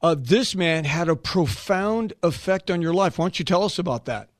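A man's voice: high-pitched, animated, moderate pace, no echo, clean studio sound. A man, a pastor, guest-hosting and interviewing with short reactions and questions.

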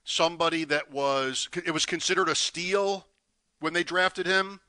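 A man's voice: fairly high pitch, measured pace, pushed and bright, clean tone, no echo. A man co-hosting a sports talk show, chatting casually about a bet and teasing out the payout. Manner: builds suspense, teasing. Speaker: co-host. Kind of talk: sports betting radio chat.

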